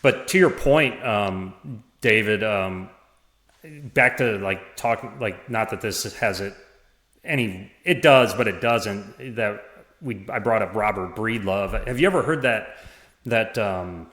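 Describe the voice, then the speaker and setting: A man talking as a podcast guest, in a halting way with many restarts and small laughs. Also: fairly low pitch, a bit bright. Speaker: podcast guest, former parish administrator. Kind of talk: casual conversation. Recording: roomy echo.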